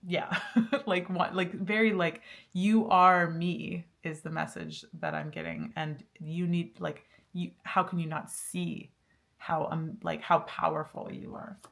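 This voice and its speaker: A woman's voice: low-pitched, lively intonation, a little slow. A woman giving a casual pick-a-card tarot reading, chatty and laughing often, with lots of fillers and restarts. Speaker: tarot reader.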